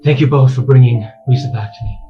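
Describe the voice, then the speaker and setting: A man's voice: medium pitch, fast, muffled recording, faint music behind, close to an everyday voice. A man voicing a tender, tearful father. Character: tearful, loving middle-aged father reunited.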